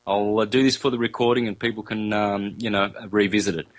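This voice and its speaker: Man, interview guest, lowish voice, lecturing, repeats phrases, sounds out vowels one by one, casual fillers. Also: fairly even intonation, a little fast, few pauses, poor audio. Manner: loose, conversational, with fillers and self-corrections.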